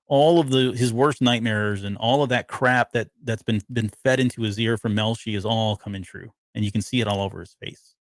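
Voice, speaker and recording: A podcast co-host with a fairly low, steady voice talks briskly as he casually breaks down a TV episode. He rambles, restarting often and leaning on fillers, and the recording has no echo.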